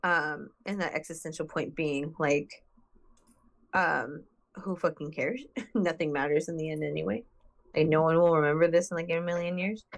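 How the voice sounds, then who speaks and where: A woman's voice: low-pitched, steady tone, moderate pace, gravelly. A woman in casual chat, giving laid-back, musing advice.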